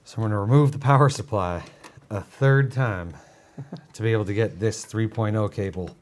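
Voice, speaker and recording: A man's voice: lowish voice, fast talker, darkish tone, slight background noise. A man building a computer on a live stream, thinking aloud in an offhand, self-deprecating way as he works. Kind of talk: narrating his own work while building.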